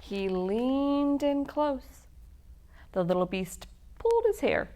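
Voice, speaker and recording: A woman reading a children's picture book aloud at a library storytime, in an expressive storytelling manner. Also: high-pitched, slow.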